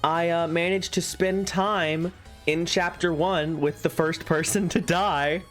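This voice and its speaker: A man's voice: on the high side, steady tone, slow, fairly bright tone, faint music behind. A man chatting casually on a live stream as he reads a visual novel, rambling to his viewers. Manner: rambling, chatty asides to viewers, frequent laughs.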